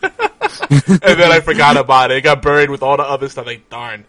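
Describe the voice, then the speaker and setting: A man's voice: fairly high pitch, a little fast, crowd noise. A young man co-hosting a podcast, chatting loosely and laughing easily. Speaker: podcast co-host. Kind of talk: casual chat.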